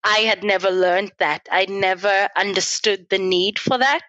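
A woman's voice: mid-range voice, fairly even intonation, moderate pace, sharp tone, no room sound, highs cut off. A young South African woman, a native Afrikaans speaker, reflecting in a casual interview and laughing often. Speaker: guest.

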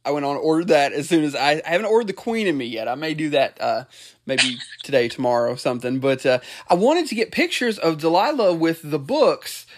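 A young man hosting a casual conversation, friendly and chatty, quick to laugh. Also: a little high, lively intonation.

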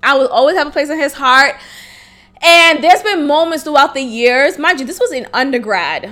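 A woman in her twenties talks through her own life on a solo podcast, frank, casual and quick to swear or laugh. Her voice sits high and comes across bright and forceful. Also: lively intonation. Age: 20s. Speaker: podcast host. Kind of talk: candid solo podcast storytelling.

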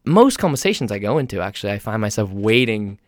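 A young man from England with an English accent softened by years in North America, talking in a casual, rambling, self-deprecating monologue. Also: on the low side, sing-song, quick pace, dry recording, clean studio sound.

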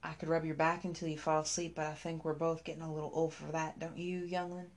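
A woman voicing a middle-aged desk clerk who teases with dry sarcasm but sounds motherly, in a low voice. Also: level tone, fast talker, close to an everyday voice. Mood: teasing.

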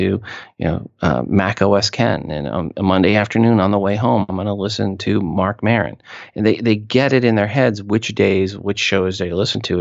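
A man talking as an expert guest in an interview, explaining with emphatic asides and quick restarts. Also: on the low side, vocal fry, no echo, muffled recording. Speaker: podcast industry expert guest. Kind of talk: conversational interview answers.

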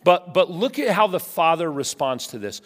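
A male pastor preaching a sermon, telling funny stories and swinging between loud bursts and hushed asides. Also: a little high, moderate pace. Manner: animated storytelling with humor, swinging from loud to hushed. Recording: long reverb of a large hall.

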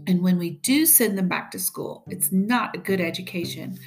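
An earnest, emphatic education official pleads his case, as read by a woman. He speaks with urgent conviction. Gentle guitar plucks underneath. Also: on the low side, normal speed, gravelly.

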